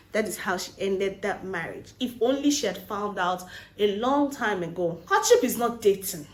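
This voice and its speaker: A woman giving casual relationship advice in a vlog, telling stories in an animated way and slipping into pidgin phrases. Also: mid-range voice. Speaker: Christian relationship vlogger. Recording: roomy echo.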